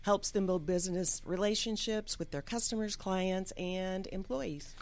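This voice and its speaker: A woman as a guest on a business radio show, telling her story in a lively way and acting out what people said. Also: medium pitch, measured pace. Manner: lively storyteller, acts out quotes. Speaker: guest, gift business owner. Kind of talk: casual interview answers. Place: radio studio.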